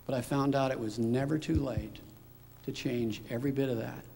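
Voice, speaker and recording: A middle-aged man, a father, telling his personal story in a reflective, unhurried way. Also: medium pitch, fairly even intonation, gravelly, warm tone, breathy edge. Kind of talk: personal testimony. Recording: long hall reverb.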